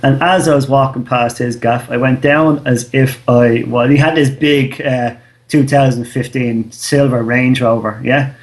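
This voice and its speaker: A man's voice: mid-range voice, fairly even intonation, a little slow. An Irish man in his thirties, co-hosting a podcast in casual chat, telling a loose, slangy story and swearing freely. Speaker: podcast co-host.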